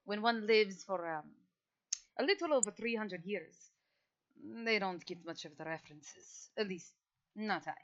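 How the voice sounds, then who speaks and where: A centuries-old male vampire, voiced by a woman, talks in a clipped, formal, deadpan way. He sounds weary and patient. The recording is a little dull and lo-fi. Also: mid-range voice, measured pace, lightly acted. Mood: stiff.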